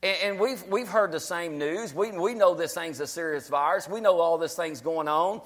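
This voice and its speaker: Male pastor, high voice, emphatic sermon delivery. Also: moderate pace, fairly bright tone. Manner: emphatic, repetitive exhortation.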